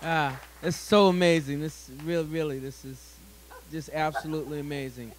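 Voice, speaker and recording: A man's voice: a little high, steady tone, moderate pace, a little hiss or hum, rough recording. A man hosting a live community panel, enthusiastic and encouraging toward his guests. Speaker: host.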